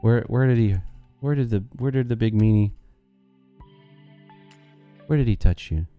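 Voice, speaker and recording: A man's voice: medium pitch, normal speed, clean tone, phone-quality sound, soft background music. A man hosting a day-trading live stream, brashly mocking and talking back to his chat.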